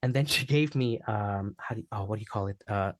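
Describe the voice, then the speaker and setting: A man's voice: on the low side, brisk, no room sound, studio quality. A man guest on a podcast, telling a personal story in a casual interview and acting out the quotes. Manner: animated storyteller, acts out quotes, laughs often. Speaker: podcast guest, actor and singer.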